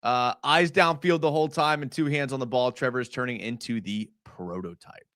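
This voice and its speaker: A young man hosting a casual live stream. He breaks down game film in a chatty way, full of fillers, and gets excited as he talks. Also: medium pitch, fairly quick, no echo, studio quality.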